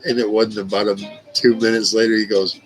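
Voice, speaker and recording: A man's voice: on the low side, level tone, brisk, soft background music, low-quality recording. A man hosting a casual livestream, rambling through stories with lots of swearing and laughing at his own jokes. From Indiana. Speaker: livestream host. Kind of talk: casual storytelling to a live chat. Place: at home on a livestream.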